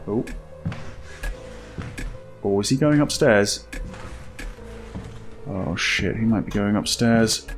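With a fairly low voice, slow delivery, and long pauses, this let's-play commentator works through a horror game as music plays. He startles easily, laughs nervously, and carries on a running conversation with himself.

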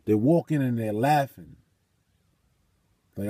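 Husky, dark-voiced man preaching emphatically. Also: medium pitch, lively intonation, moderate pace, dry recording. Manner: emphatic, profane, repeats phrases. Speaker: vlogger. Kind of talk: casual storytelling and preaching.

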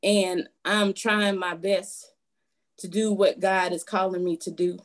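A woman's voice: fairly low pitch, fairly even intonation, takes it slowly. Earnest woman caller, nervous fillers. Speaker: caller sharing a testimony. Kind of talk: spontaneous testimony on a live call.

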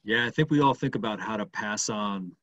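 Chill guy host, thinks out loud, dry close sound. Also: lowish voice, a little fast, no echo, lo-fi sound. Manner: reflective, searching for words. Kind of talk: casual interview.

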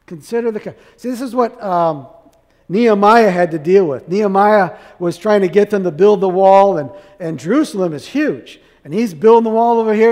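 A man's voice: sits high, darkish tone, in a large hall. A man preaching a sermon as pastor, asking the congregation one question after another.

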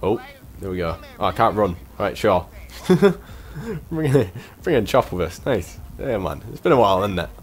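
A man's voice: on the low side, sing-song, normal speed. A man commentating his own gameplay, exclaiming and muttering to himself in bursts. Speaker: gameplay streamer.

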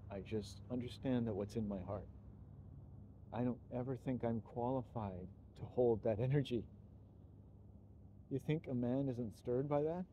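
A man's voice: mid-range voice, mellow, lo-fi sound, slight background noise. A middle-aged man giving an earnest, rambling personal monologue to his channel, swearing when stirred. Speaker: YouTuber.

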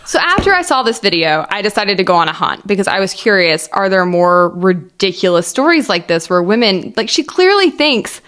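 A young woman hosts a reaction video with blunt, opinionated commentary at an ordinary middle pitch. She delivers her points directly and with lively energy. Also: normal speed, hardly any pauses.

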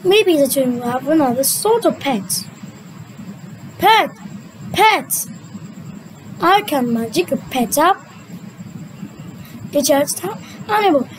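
A young adult woman, a native Vietnamese speaker, reading a children's cartoon story aloud in a sing-song, drawn-out way and switching between character voices. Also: high voice, animated, background noise. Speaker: storyteller voicing a cartoon retelling.

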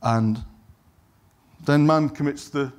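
A man's voice: on the high side, takes it slowly. A middle-aged man preaching a sermon in an easy, conversational way, wandering into asides and apologizing for them. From England. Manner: conversational, digresses and apologizes, acts out quoted lines.

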